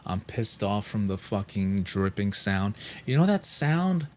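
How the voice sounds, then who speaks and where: A man's voice: lowish voice, sing-song, measured pace, darkish tone, a little hiss or hum. A man vlogger telling a story in a casual monologue, frank, exasperated and heavily profane.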